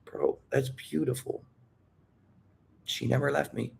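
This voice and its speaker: A man's voice: mid-range voice, fairly quick, a little hiss or hum. A man talking candidly about dating and his emotions, rambling and calling the listener "dude". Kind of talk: casual talk.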